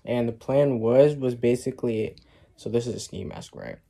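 A man's voice: medium pitch, moderate pace, gravelly, dark tone, dry recording. A young man vlogging casually outdoors at night, nervous and emotional, with slangy chatty talk. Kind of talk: casual vlog. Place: outdoors at night near cars. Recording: noisy outdoor street ambience.

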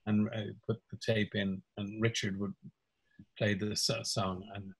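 A man's voice: lowish voice, flat delivery, unhurried, husky, low-quality recording. An older Irish man, a music producer, reminiscing casually in an interview, telling stories with frequent chuckles and little impressions of people. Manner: anecdotal, chuckles often, mimics voices in stories.

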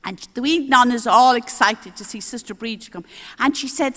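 An older Irish nun preaching at a healing service, telling homely stories in an animated way and acting out the voices of the people in them. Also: female voice, on the high side, a little fast. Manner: animated, homely storytelling with lively quoted voices. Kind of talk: storytelling sermon. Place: large exhibition hall. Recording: long hall reverb.

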